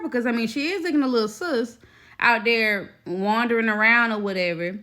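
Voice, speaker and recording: A young woman telling a personal story in casual storytime style, blunt and expressive, swearing freely. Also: medium pitch, a little fast.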